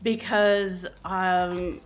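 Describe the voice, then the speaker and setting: Slow, chatty Canadian woman streamer. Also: fairly low pitch, steady tone. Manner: chatty, laughs often. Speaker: live streamer. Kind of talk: casual chat while streaming a game.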